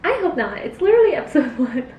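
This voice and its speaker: A woman's voice: high-pitched, big pitch swings, quick pace, muffled recording. A young woman chatting in a rambling, filler-heavy way between bites while she eats on camera. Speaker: cosplay vlogger. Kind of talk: casual mukbang chat while eating. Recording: roomy, distant mic, faint hiss.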